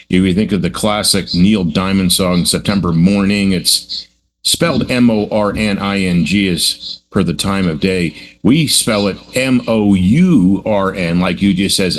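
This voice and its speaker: A man speaking as a financial advisor, calmly explaining market statistics with road-trip analogies. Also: fairly low pitch. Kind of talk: explanatory talk.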